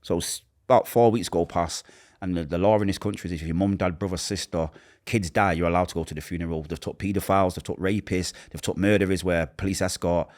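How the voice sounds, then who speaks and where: A man with a Manchester accent telling a painful personal story in an interview, acting out what others said and dropping to a hush at the hardest moments. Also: low voice, fairly even intonation, fast talker. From Manchester, England. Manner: acts out quoted voices, drops to a hush at painful moments.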